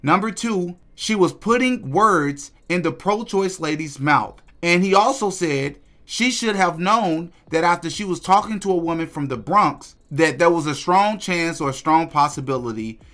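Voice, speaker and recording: Indignant high-voiced man, podcast host. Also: animated, normal speed, few pauses, a bit bright. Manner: indignant, emphatic. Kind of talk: opinion commentary.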